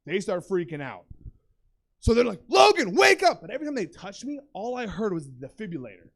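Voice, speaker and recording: A young man doing a stand-up comedy set on a club stage, telling a profane, animated story and bursting into shouted impressions. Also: sits high, fast talker.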